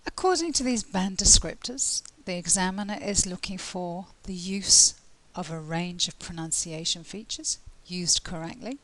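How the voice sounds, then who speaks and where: English woman teaching pronunciation clearly. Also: lowish voice, fairly bright tone, low-quality recording. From England. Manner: clear, deliberate teaching delivery, slowing down to spell out examples. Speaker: IELTS tutor. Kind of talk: pronunciation lesson.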